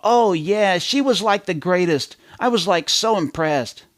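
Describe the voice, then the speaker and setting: A man puts on a voice pitched above his own to play a gushing teenager who stuffs every sentence with filler words. The voice is high, with lively intonation and an unhurried pace, recorded dry with clean studio sound.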